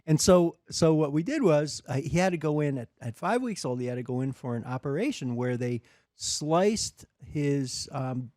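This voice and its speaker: A middle-aged father with a slightly high voice tells family stories in a casual chat at normal speed. He's an animated storyteller who acts out the voices. The sound is clean studio audio with no echo.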